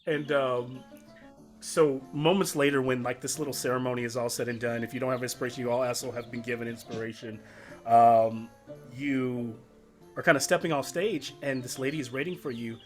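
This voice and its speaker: A man's voice: mid-range voice, steady tone, brisk, faint music behind. A man narrating as game master of a tabletop game, rambling with lots of fillers.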